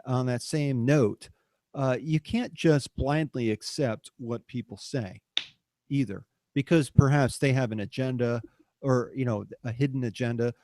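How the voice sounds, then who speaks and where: A middle-aged man co-hosting a podcast, thinking aloud in halting, reflective phrases. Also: medium pitch, darkish tone, dry recording, studio quality. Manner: halting, restarts words while thinking aloud. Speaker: podcast co-host. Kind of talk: reflective casual chat.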